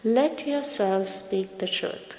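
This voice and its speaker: A woman psychotherapist speaks gently and soothingly in short, measured phrases. Her voice carries a gravelly fry. The room around her is echoey, with a long reverb. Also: medium pitch. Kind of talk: reflective therapy talk to camera.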